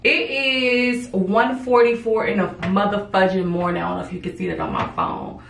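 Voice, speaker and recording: A woman's voice: mid-range voice, animated, moderate pace, vocal fry, roomy sound, distant mic, noisy background. A tired woman chatting casually and playfully while she braids her own hair late at night. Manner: chatty, playful, sassy asides. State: tired, yawning. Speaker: beauty vlogger. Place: home at night.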